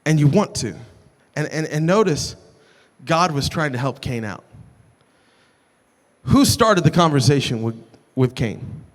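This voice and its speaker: A man's voice: a little high, expressive, a little slow, pauses often. A man preaching a sermon with passion, repeating phrases for emphasis and restarting lines as he builds. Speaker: pastor. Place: large church sanctuary. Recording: long church hall reverb.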